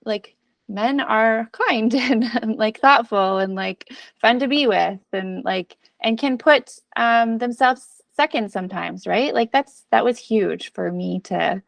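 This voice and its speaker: A woman's voice: fairly high pitch, takes it slowly, gravelly, no room sound. A woman guest in a casual conversation, speaking earnestly and rambling with frequent fillers.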